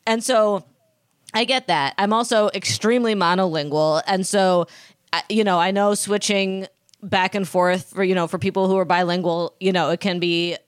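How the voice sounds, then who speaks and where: A woman co-hosts a casual gossip podcast, wandering through long, digressive stories. Her pitch sits in an ordinary middle range. The recording is dry and close. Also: steady tone, normal speed, clean tone, no room sound. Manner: rambling, digressive storytelling. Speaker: podcast co-host.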